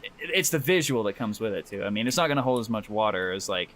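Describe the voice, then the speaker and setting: A man's voice: lowish voice, animated, quick pace, fairly bright tone. A man co-hosting a podcast in loose casual chat, swearing freely and laughing often while he draws. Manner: talks while drawing. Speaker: podcast co-host.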